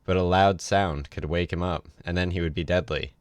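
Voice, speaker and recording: A man reading gives voice to a stern female circus performer with a foreign accent. She warns the crowd in a firm, hushed way. The voice stays low and close with a dry sound. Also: fairly even intonation, normal speed, smooth, no echo, lightly acted.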